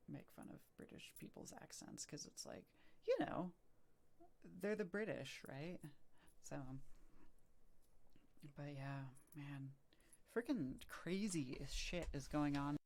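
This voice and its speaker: A woman's voice: deep voice, darkish tone. A woman chatting casually on a livestream, rambling with lots of fillers, restarts and swearing. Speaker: streamer. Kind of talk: casual rambling stream chat.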